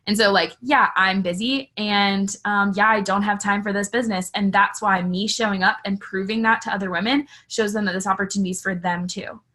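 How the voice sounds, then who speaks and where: A woman's voice: mid-range voice, steady tone, fairly quick, hardly any pauses, pushed and bright. A woman in her twenties, a teacher and coach, talking candidly on a video call with lots of fillers. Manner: chatty, filler-heavy, candid. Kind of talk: casual team call presentation.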